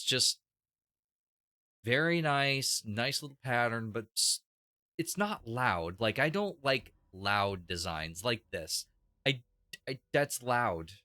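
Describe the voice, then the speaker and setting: A man's voice: mid-range voice, bright, forceful tone, dry recording, clean studio sound. Chatty young man streaming a game. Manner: chatty, opinionated, thinks aloud with restarts. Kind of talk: casual live gameplay commentary.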